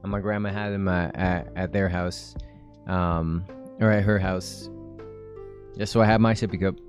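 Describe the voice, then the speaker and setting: A man's voice: low voice, fairly even intonation, normal speed, soft background music. A man in his twenties chatting casually on a live stream, rambling and laughing often.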